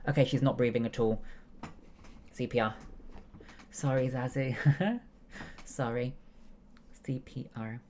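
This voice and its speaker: A woman's voice: extremely low pitch, fairly even intonation, unhurried, pauses often, very noisy. A young woman streaming a game, chatting casually and explaining steps one by one with lots of fillers. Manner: explains step by step, many fillers, chatty asides. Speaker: streamer and nursing student. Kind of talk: casual chat while gaming.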